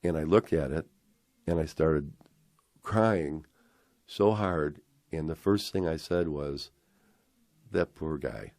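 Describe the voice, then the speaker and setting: Very deep-voiced older man telling a story. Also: a little mellow, no room sound, clean studio sound. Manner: acts out quoted voices, halting restarts. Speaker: interview guest telling his story. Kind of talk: emotional personal storytelling.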